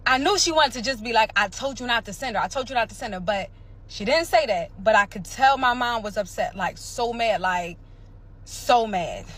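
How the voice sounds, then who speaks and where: A woman from Pennsylvania telling her own story in a casual vlog, emphatic and animated, repeating phrases and acting out sounds. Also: mid-range voice. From Pennsylvania, USA.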